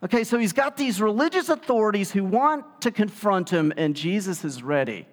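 A man preaching a sermon, telling the story in a lively way and acting out the quotes. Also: high voice, moderate pace. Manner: animated storytelling, acts out quotes. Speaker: pastor. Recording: long hall reverb.

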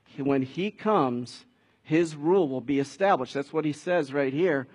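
A man's voice: on the high side, measured pace, darkish tone, husky. A man preaching a sermon in a conversational way, building to emphatic peaks. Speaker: pastor.

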